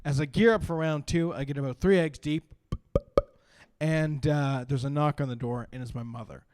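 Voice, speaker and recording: A man, doing an animated stand-up set and laughing through his stories at a brewery. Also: on the high side, moderate pace, dry recording. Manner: animated storytelling with bursts of laughter. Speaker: stand-up comedian. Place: brewery stage.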